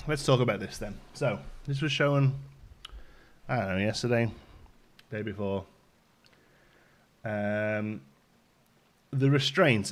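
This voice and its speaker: A man hosting a casual live stream, greeting viewers by name and rambling with ums while out of breath. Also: on the low side.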